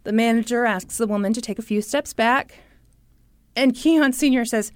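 Brief: high-pitched woman storyteller, very animated, dry close sound. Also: normal speed, dry recording. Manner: lively storyteller, acting out quotes. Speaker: podcast host. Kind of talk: storytelling chat.

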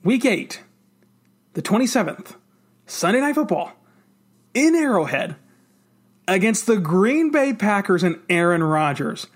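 A man co-hosting a sports podcast, talking fast and excitedly in casual football chat. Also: high voice.

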